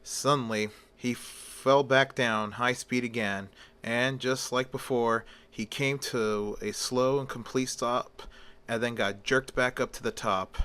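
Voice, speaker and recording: A man telling a fan story in a bright, clear voice at an ordinary pitch. He reads in a halting, homemade way, stopping for fillers and starting lines over. It has the plain feel of a hobby storyteller. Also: steady tone. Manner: halting, with many fillers and restarts.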